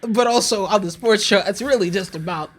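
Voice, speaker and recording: Husky, laughing man on a podcast. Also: sits high, fairly quick. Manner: laughing, teasing. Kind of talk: casual podcast banter.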